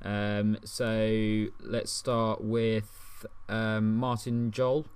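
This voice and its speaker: A man with a slightly low voice chats his way through a podcast segment. He hesitates often, filling gaps with ums and restarting his sentences, and keeps a loose, unscripted flow. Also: flat delivery, drawn-out words, smooth. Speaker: podcast co-host. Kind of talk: casual chat.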